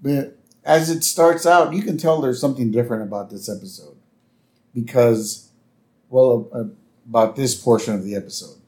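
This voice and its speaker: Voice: mid-range voice, normal speed. A podcast co-host casually recapping a cartoon episode, often checking in with "right?". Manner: lively, keeps checking in with "right?".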